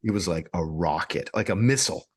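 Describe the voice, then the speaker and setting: A man co-hosting a podcast, telling a story in a casual, animated way, often laughing and restarting his sentences. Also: deep voice, brisk, husky, no room sound, clean studio sound. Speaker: podcast co-host.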